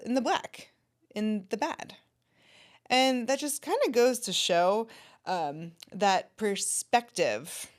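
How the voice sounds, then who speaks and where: Woman, life coach, solo podcast, animated, conversational, talks to the listener. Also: mid-range voice.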